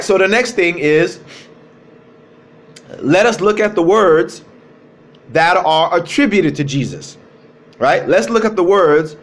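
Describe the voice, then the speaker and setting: Male speaker, high-ish voice, streaming a religious talk from his phone, drives points home by repeating them. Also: a bit bright. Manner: emphatic, repeats key phrases, slows to stress words. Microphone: cell phone.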